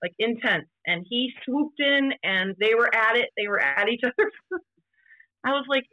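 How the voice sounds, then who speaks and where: A woman guest on a podcast, telling stories about playing vintage baseball in an animated, casual way. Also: normal speed, no echo, lo-fi sound. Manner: animated, voice jumps high when quoting others. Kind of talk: casual storytelling chat.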